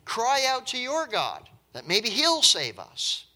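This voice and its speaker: Panicked ship captain, urgent, pleading, high and strained, as a preacher puts him on, bright edge. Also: male voice, wildly swooping pitch, slow pace, full character voice.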